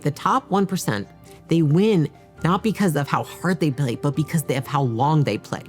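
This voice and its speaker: A woman's voice: low-pitched, normal speed. A woman who founded a business, talking straight to camera and coaching viewers in a direct, emphatic way. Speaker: business founder giving advice. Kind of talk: direct-to-camera advice talk. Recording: faint background music.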